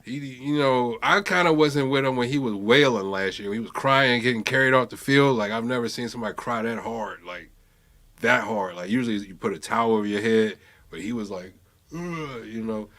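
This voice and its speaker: Man, casual sports chat, animated, storytelling, swears, does impressions. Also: mid-range voice. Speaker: podcast co-host.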